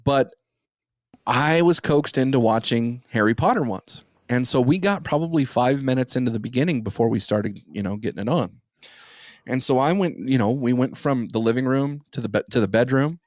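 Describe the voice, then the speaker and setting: A man's voice: medium pitch, moderate pace, dry recording, studio quality. A young man hosting a podcast, telling a crude, rambling story in a casual, profane way. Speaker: podcast host.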